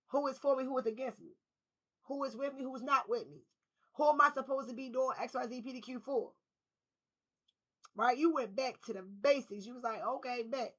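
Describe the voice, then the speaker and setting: A woman's voice: on the high side, poor audio. A woman giving a collective spiritual reading, talking emphatically in casual slang with repetition and swearing. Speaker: tarot reader.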